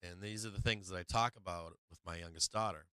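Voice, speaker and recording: Bright, laughing man telling a story. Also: sits low, brisk, smooth, dry recording. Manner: rambling, laughs often, acts out family voices. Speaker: stock market livestream host. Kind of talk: casual livestream storytelling.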